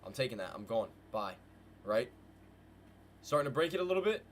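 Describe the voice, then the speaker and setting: A man at a desk mic runs live market commentary for his viewers, mid-pitched and full of hype. He calls to the chat as "guys" and "bro" and fires phrases off in repeated bursts, with a faint hiss of noise behind him. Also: big pitch swings, fairly quick. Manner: hyped, slangy, talks to chat with "guys" and "bro". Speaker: trading livestream host. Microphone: desk mic with headphones.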